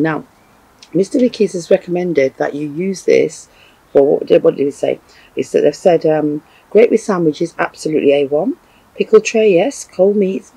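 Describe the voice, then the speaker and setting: A man's voice: sits high, mellow, slightly rough, low-quality recording. A man reviewing chilli pickles in a vlog, gushing and effusive with repeated exclamations. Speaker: food reviewer. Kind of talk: enthusiastic product review vlog.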